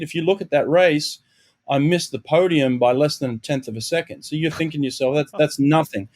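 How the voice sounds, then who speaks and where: A man's voice: on the high side, darkish tone. A middle-aged Australian man, a swim coach and guest, speaks candidly and reflectively in a podcast interview, restarting phrases and adding "you know".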